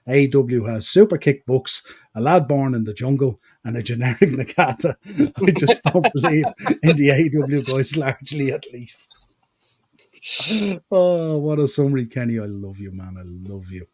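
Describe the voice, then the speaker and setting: A man with an east-coast Irish accent from the Dublin-Wicklow area hosts a wrestling podcast, reading out viewer comments in a chatty, rambling way full of fillers. His voice is mid-range and slightly dark, and he talks at a normal speed.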